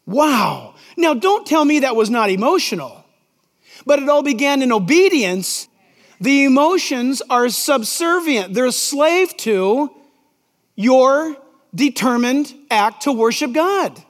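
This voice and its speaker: A man's voice: extremely high pitch, big pitch swings, slow. A middle-aged male pastor preaching a sermon in a conversational, emphatic way, reading Scripture aloud in a large sanctuary. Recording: long reverb in a large church.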